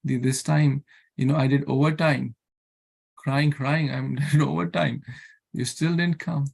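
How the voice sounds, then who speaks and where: A man's voice: medium pitch, steady tone, a little slow, vocal fry, darkish tone, breathy edge. A man voicing a little boy whining at his mother, inside a story in a sermon. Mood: complaining.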